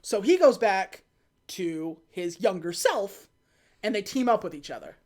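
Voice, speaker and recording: A woman hosting a podcast, casually retelling a film plot and quickly acting out the characters' lines. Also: mid-range voice. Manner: animated retelling with quick put-on quotes. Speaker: podcast host. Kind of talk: casual movie recap chat.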